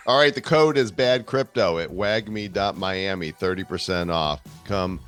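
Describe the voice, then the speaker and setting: A man's voice: low voice, measured pace, a bit bright, faint music behind. A man co-hosting a podcast in casual chat, joking and bantering playfully. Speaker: podcast co-host.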